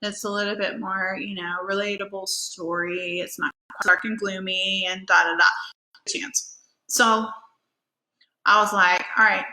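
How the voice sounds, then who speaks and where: Her medium-pitched voice is sharp, flat in delivery, and a little slow. She hosts a podcast, talking casually and animatedly through a motivational monologue of personal stories with lots of fillers, and the room is echoey.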